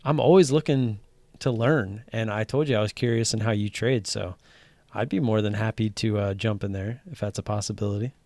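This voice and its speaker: A man hosting a live stream about day trading, chatting casually and getting excited, swearing freely and restarting his sentences. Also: lowish voice, fairly quick, no echo. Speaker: livestream host talking day trading. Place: home streaming setup wearing headphones.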